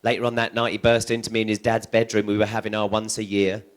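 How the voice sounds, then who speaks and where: A man's voice: fairly low pitch, little pitch movement, fast. A man doing a crude, cheeky stand-up routine, telling jokes in a motherly stage persona. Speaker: stand-up comedian.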